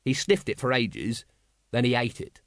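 A weary, bitter guard captain, voiced by a man reading aloud, gruff and glum, with terse replies. His intonation still rises and falls in lively swings, and the sound is dry and close. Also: medium pitch, normal speed, dry recording. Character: weary, bitter middle-aged male city guard captain. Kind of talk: audiobook character voice.

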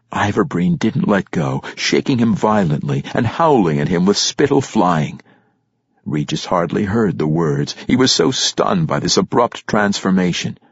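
A man narrating a fantasy audiobook in a measured, expressive storytelling manner. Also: low voice, breathy edge, no echo. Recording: dull lo-fi dry recording.

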